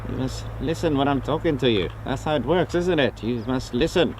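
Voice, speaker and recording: A man's voice: mid-range voice, animated, darkish tone, a little hiss or hum, close to an everyday voice. A man putting on a mock German accent to play a bossy German man who fires off questions and orders, recorded outdoors. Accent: put-on German. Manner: bossy, questioning, slow and deliberate. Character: blustering German man bossing people about. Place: outdoors by an airfield.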